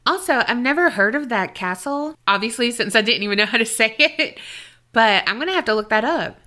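A woman podcast co-host reading a listener's paranormal story aloud and chatting, expressive and jokey. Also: fairly high pitch, a little fast.

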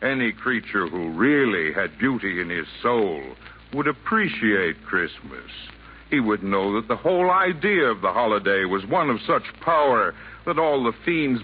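Santa, calm and lecturing. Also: male voice, mid-range voice. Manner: calm, gently lecturing in rhyming verse. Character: calm wise old Santa Claus facing a gunman. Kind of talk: 1940s radio acting. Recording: tinny 1940s radio broadcast with faint hiss.

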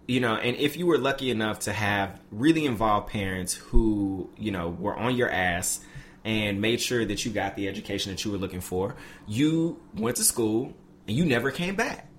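A young man from Memphis in casual conversation, talking in a relaxed, thoughtful way with lots of fillers. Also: lowish voice, moderate pace, slight background noise. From Memphis, USA.

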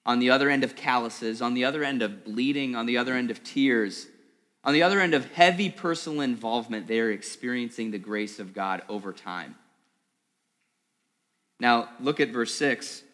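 A man's voice: mid-range voice, normal speed, a bit bright. A male pastor giving a sermon, conversational and vivid, often repeating words as he tells a story. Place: church service in a school hall. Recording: long hall reverb.

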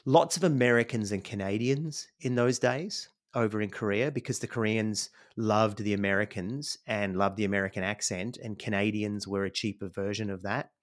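Reflecting on his life as a podcast guest, this middle-aged Australian man rambles conversationally and says "you know" a lot. His voice is lowish, and he keeps a moderate pace with few pauses.

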